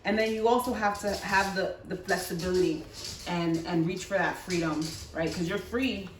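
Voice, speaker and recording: A woman's voice: fairly low pitch, moderate pace, a little hiss or hum. A woman giving a pick-a-card tarot reading, chatty and coaxing, often repeating words and checking in with "right?". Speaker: tarot reader. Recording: echoey room, mic at a distance.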